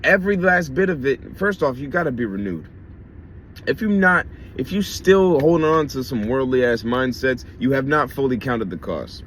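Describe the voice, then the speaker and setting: A man's voice: mid-range voice, animated, moderate pace, fairly bright tone, a little hiss or hum. A man preaching a casual sermon in a blunt, conversational way, with swearing and slang.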